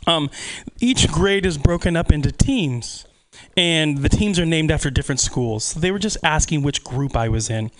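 A man's voice: a little high, animated, moderate pace. A man in his twenties doing a stand-up comedy set in a small club, profane and self-deprecating, laughing at his own jokes. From California.

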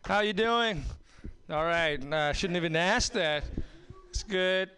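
A man doing a stand-up set with wry, deadpan observational jokes. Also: sits high, slow, music in the background. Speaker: stand-up comedian.

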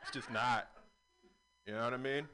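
Male stand-up comic, mid-pitched voice, rambling delivery, swears a lot. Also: steady tone, normal speed, background noise. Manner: rambling, swearing, rising to loud exclaims. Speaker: stand-up comedian. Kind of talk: stand-up set.

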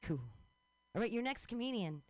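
A woman's voice: on the high side, expressive, normal speed, darkish tone, no echo. A woman in her thirties hosting a comedy show, riffing sarcastically and introducing comedians. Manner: sarcastic and rambling.

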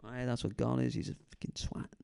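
Young male stand-up, twenties, slacker drawl with a gravelly fry, rambles and stalls while working the crowd on a handheld mic. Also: mid-range voice, level tone, fast, dark tone. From San Francisco Bay Area. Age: 20s. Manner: laid-back stoner drawl, trails off, says man constantly. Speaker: stand-up comedian doing crowd work.

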